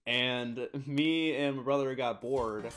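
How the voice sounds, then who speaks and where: A man's voice: mid-range voice, slow, fairly bright tone, faint music behind. A young man from the United States telling a rambling, laughing story on a live stream, swearing often.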